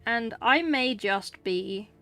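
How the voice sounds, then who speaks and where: A woman's voice: on the high side, lively intonation, slow pace, a bit bright. A young English woman chatting casually with her livestream chat while painting, wry and talkative. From England. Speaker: streamer painting miniatures. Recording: faint music behind.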